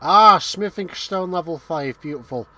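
A man's voice: sits high, unhurried, pushed and bright, no echo. A man bantering casually while streaming a game, joking crudely, swearing a lot and breaking into bits of song. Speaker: streamer and co-host. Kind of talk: casual, profane gaming banter.

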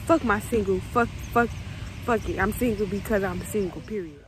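With a steady, medium-pitched, unhurried voice and noise in the background, a vlogger in her 20s talks into her phone from her parked car. The casual vlog is a rambling, emotional stream of blunt swearing, and she cries on and off throughout.

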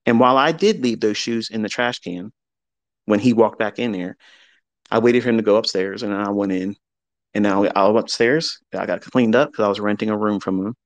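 A man's voice: on the low side, brisk, dry recording. Blunt, profane middle-aged man. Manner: confessional, reflective. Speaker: trading mentor. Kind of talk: candid motivational talk.

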